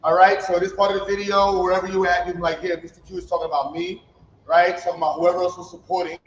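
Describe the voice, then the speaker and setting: A man's voice: high voice, level tone, fast. A man giving an informal, heartfelt ceremony speech in loose, emphatic street talk. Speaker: founder giving a commencement speech. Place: event hall. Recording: roomy, slightly dull livestream audio with faint ambience.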